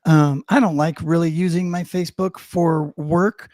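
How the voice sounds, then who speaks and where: A middle-aged man co-hosting a live stream, talking in a loose, rambling way full of ums and restarts, sometimes putting on a playful news-anchor voice. His voice sits a little high but sounds mellow and dark. The sound is dry and close, with no room around it. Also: fairly even intonation, a little slow, no echo. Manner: rambling, many fillers and restarts; mock news-anchor delivery for headlines. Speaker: co-host of a live show. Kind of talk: casual live-stream chat.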